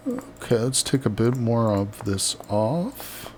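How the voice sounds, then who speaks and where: A man's voice: on the low side, animated, slow, hardly any pauses, a little mellow, slight background noise. A man chatting casually on a live game stream, reading out viewer messages and laughing often. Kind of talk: casual live-stream chat while building.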